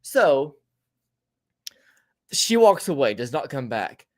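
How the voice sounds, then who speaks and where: A man's voice: mid-range voice, animated, normal speed. Male podcast host, casual storyteller, profane and rambling, lots of restarts.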